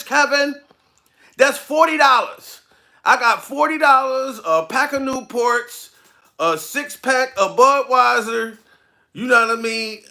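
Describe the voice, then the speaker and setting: A man's voice: extremely high pitch, gravelly, bright, forceful tone. A man doing a comedic rant to camera, profane and repetitive in street talk.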